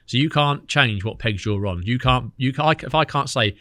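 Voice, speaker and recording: A man, a podcast guest telling lively stories in casual chat, acting out what others said. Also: mid-range voice, no room sound. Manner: fast, animated storytelling with quoted dialogue.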